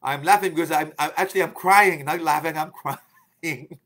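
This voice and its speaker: A middle-aged man preaching in a loose, conversational way, with a voice pitched well above most men. He jokes, laughs often and drops Arabic phrases into his talk. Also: normal speed, fairly bright tone. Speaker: Islamic preacher. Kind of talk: informal religious talk.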